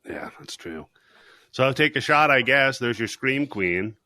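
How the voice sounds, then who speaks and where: A man's voice: medium pitch, expressive, unhurried, bright, forceful tone, dry recording, studio quality. A man hosting a podcast, recapping a horror movie in casual chat, joking and laughing often. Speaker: podcast host.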